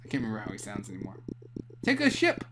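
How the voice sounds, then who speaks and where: A man's voice: fairly low pitch, wildly swooping pitch, fast talker, noisy background. A man teasing his brother while they comment on a game, breaking into playful silly noises and voices. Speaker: gameplay co-commentator. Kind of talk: casual gameplay commentary.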